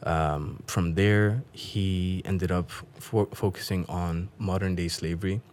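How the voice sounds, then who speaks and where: A very deep-voiced man talks easily as a guest in a casual interview. He is chatty and tells stories with frequent laughs. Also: steady tone, slow, darkish tone. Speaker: guest, comedian.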